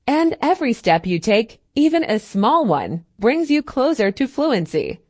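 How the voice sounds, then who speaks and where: A woman giving a scripted English listening lesson, speaking clearly and steadily with deliberate pauses and an encouraging tone. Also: on the high side, big pitch swings, dry recording, clean studio sound. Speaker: English teacher.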